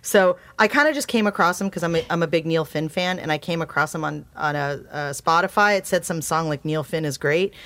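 A woman from Massachusetts, a podcast guest telling stories in casual chat and acting out quotes in a high voice. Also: brisk, hardly any pauses, slight background noise. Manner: animated storyteller, acts out quotes in a high voice.

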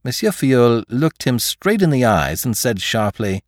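Clean, dry studio audio captures a man narrating a classic novel for an audiobook. He has a medium-pitched voice and delivers the story with measured expressiveness.

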